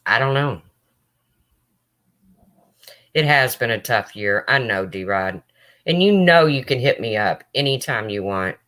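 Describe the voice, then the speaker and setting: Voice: medium pitch, lively intonation, normal speed, fairly bright tone. A livestream host talking emotionally to viewers and answering chat, close to tears. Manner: emotional, talks straight to viewers.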